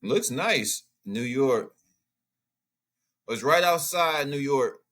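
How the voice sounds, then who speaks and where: An outspoken man talks through a news reaction in loose, animated commentary. His voice is bright and forward at a mid pitch, and he muses aloud while he looks things up. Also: slow pace. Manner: animated, outspoken, thinks aloud while browsing maps and texts. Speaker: commentary channel host.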